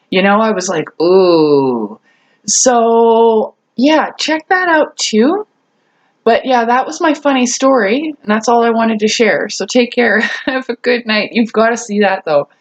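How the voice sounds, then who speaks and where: A woman vlogger tells a casual story straight to her viewers. Her voice sits a little high, and she chats along, laughing often and restarting her sentences.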